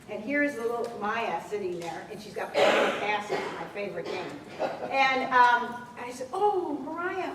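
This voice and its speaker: Woman telling school stories in an echoey room. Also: fairly high pitch. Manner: animated storytelling, acts out dialogue. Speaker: school administrator presenting a program. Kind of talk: workshop presentation with anecdotes. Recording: echoey room, distant mic, faint noise.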